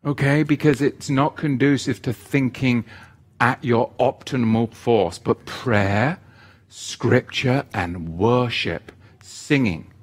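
This preacher's voice sits in the middle range and moves slowly. His sermon is forceful and repetitive, alternating booming calls to action with softer side remarks.

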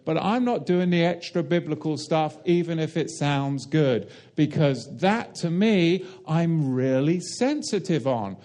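A man's voice: on the high side, animated, a little slow, few pauses, warm tone. A man preaching a sermon, emphatic and direct, asking the listeners rhetorical questions and explaining Hebrew and Greek terms.

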